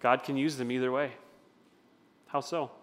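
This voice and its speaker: A man's voice: mid-range voice, steady tone, normal speed, a bit bright, in a large hall. A man preaching a conversational sermon as a pastor, asking his listeners questions. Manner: conversational, asks the audience questions. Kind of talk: interactive sermon.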